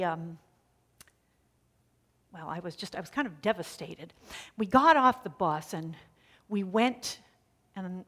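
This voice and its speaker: A woman pastor preaching a sermon in a conversational storytelling way, dropping to a hush on key lines. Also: fairly low pitch.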